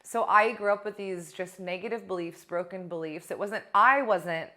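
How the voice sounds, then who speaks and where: Woman, young adult, coach, casual talk to camera, blunt, animated, mid-pitched voice. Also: moderate pace.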